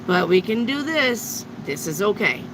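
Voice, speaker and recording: A woman's voice: mid-range voice, very animated, unhurried, noisy background. A woman giving a live tarot reading to viewers, blunt and emphatic, with frequent swearing. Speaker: tarot reader.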